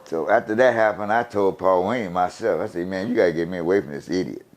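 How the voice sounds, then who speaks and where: An older man from the USA telling stories in a casual interview, animated and profane, laughing as he talks. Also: low-pitched, quick pace. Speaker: guest storyteller.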